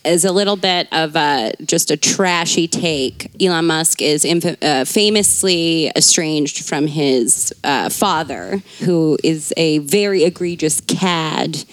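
A woman's voice: sits low, slow pace, few pauses, dry recording. A woman co-hosting a casual group chat, making wry joking asides. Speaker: podcast co-host.

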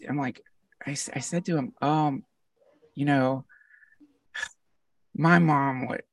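A man, a podcast guest, telling a heartfelt personal story in an animated, earnest way and often laughing. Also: mid-range voice, creaky, recorded from a distance. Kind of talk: casual storytelling conversation.

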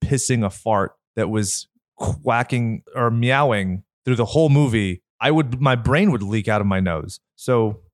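A man with a nasal voice co-hosting a podcast, talking in a rambling, candid, lively way. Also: medium pitch, a little slow, few pauses, dry recording. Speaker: podcast co-host. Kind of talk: casual podcast chat. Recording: dry close mic.

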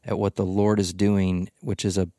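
A man hosting a podcast Bible study, telling the story with lively acted-out quotes. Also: sits low, moderate pace, no echo, studio quality. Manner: animated storytelling, acts out voices in quotes. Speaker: podcast host. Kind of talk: casual Bible study discussion.

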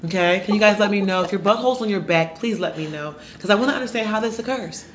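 A woman's voice: mid-range voice, fast talker. A woman in her thirties co-hosting a casual chat, blunt and emphatic as she vents about her kids. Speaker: podcast co-host. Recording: echoey room with faint noise.

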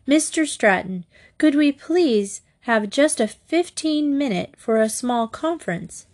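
An eager, impulsive teenage girl, read by a woman. Her lines lift higher with excitement and pleading. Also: slow.

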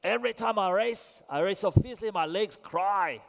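A man putting on a German accent as a gruff, fierce male cyclist, loud and strained. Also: high voice, normal speed, long reverb tail, pitched above the performer's own voice. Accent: German, put on.

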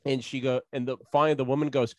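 A man's voice: mid-range voice, quick pace, dry recording, clean studio sound. A man in casual chat, telling a story and acting out the people in it with a lot of swearing. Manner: animated, acts out quotes with raised voice, swears freely.

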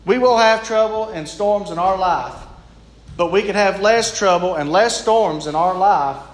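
High-voiced preacher in an echoey room. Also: male voice, measured pace. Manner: earnest, plain-spoken, folksy. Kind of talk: sermon.

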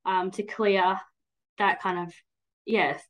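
A woman in her 30s speaks slowly at a medium pitch with fairly even intonation, and the sound is lo-fi. She's a podcast guest in a casual interview chat, talking candidly and at length. Her manner is rambling, full of "like" and "um."

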